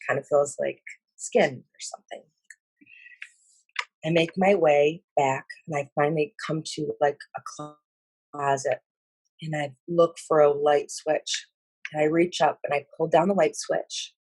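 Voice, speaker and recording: A woman slowly and earnestly recounting a spiritual vision in halting speech with many fillers. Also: low voice, steady tone, a little mellow, husky, dry recording. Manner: emotional and earnest. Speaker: speaker sharing a spiritual vision. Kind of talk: personal account of a vision.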